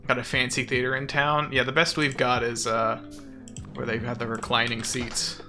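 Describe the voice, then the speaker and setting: A man's voice: medium pitch, completely flat delivery, normal speed, over music. A man streaming a game, chatting casually and sarcastically with his chat. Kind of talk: casual chat while gaming.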